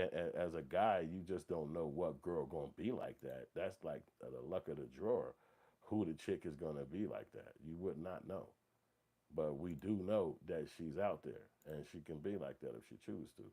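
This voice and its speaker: A man's voice: low-pitched, mellow, breathy edge. A man hosting a morning show, giving rambling, profane, emphatic casual commentary. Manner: rambling, emphatic, profane, repeats "you know what I'm saying".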